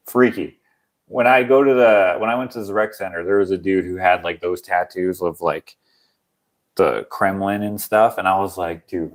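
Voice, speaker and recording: A young man from Canada hosting a casual livestream, joking around and reading viewer comments aloud. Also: on the low side. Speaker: livestream host.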